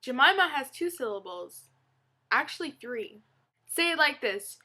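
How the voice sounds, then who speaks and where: A woman's voice: high-pitched, sing-song, unhurried, sharp tone, full character voice. A woman reading a blog post aloud, voicing a laid-back husband who dotes on a cat in a matter-of-fact tone. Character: easygoing cat-doting husband, adult man.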